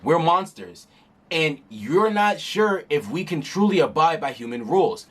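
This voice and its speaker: A man's voice: on the high side, sing-song, measured pace, husky, exaggerated voice. A man voicing a blunt, unbending young slime demon lord while reading a manga aloud, in a firm, reasoning manner. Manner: firm, matter-of-fact, reasoning.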